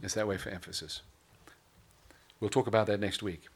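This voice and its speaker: A man with a lowish voice preaching in a relaxed, conversational way. He moves between scripture and light humorous asides, and his pace slows at times for emphasis. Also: slightly rough. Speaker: pastor. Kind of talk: sermon.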